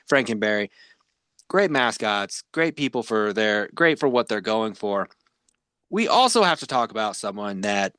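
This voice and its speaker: A man's voice: on the low side, fairly bright tone, no echo, studio quality. A man hosting a podcast, chatting casually and rambling with many fillers. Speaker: podcast host. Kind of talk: casual chat.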